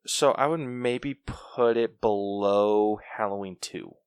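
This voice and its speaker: A man hosting a casual podcast from his house, jokey and animated, laughing often. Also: lowish voice, slow pace, clear, resonant tone, dry recording. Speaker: podcast host. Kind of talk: casual chat.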